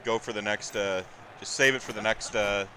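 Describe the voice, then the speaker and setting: A man's voice: fairly low pitch, steady tone, moderate pace, bright, forceful tone. A man co-commentating a tabletop game stream casually, teasing and always urging bold, aggressive plays. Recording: noisy background.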